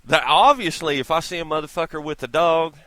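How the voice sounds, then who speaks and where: A man's voice: a little high, fairly quick, bright, forceful tone, no echo. A man ranting in a vlog, irritated, profane and sarcastic, talking close to the mic. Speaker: vlogger. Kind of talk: profane opinion rant.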